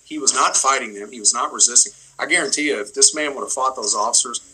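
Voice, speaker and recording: Attorney, middle-aged man, bright husky voice, emphatic, restarts phrases. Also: mid-range voice, quick pace, rough recording. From United States. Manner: emphatic, repeats words while building points. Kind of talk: livestream interview.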